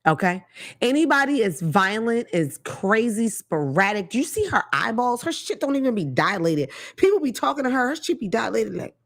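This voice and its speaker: Animated, profane woman host. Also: on the high side, normal speed. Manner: blunt, profane, animated, laughs often. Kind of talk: casual commentary monologue.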